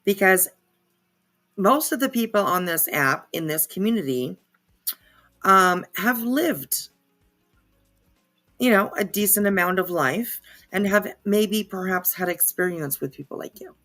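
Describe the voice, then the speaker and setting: Sarcastic woman with a bright, sharp voice. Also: medium pitch, lively intonation, unhurried, long pauses. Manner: sarcastic, opinionated. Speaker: commentary channel host. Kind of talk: reaction commentary.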